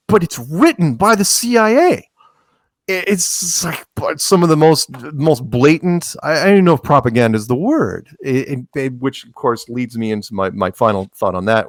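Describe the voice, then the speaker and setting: A man's voice: medium pitch, dry recording, clean studio sound. A man talking as a podcast guest in a rambling way, full of restarts and sarcastic asides. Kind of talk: casual chat.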